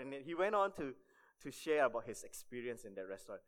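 A man's voice: medium pitch, big pitch swings, fast, a bit bright. A man preaching a sermon to fellow church volunteers, telling a story and often checking in with "okay?". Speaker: church staff member preaching.

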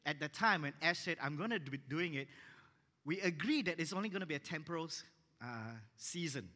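A man pastor telling a story in a sermon, acting out the dialogue with lively energy. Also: a little high, a little fast. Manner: animated, acts out dialogue in his stories. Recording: echoey hall reverb.

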